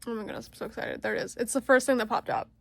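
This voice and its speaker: Gushy woman book vlogger, kinda high voice, says so so so excited a lot. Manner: gushing, excitable, repeats words for emphasis; sounds out fantasy names slowly, stumbling and laughing. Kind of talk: casual vlog chat.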